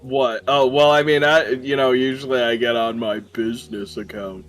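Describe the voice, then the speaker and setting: A man's voice: mid-range voice, fairly even intonation, moderate pace, a bit bright, soft background music. A man in casual voice chat with a streamer, offhand and easygoing with mumbled fillers. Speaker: co-player.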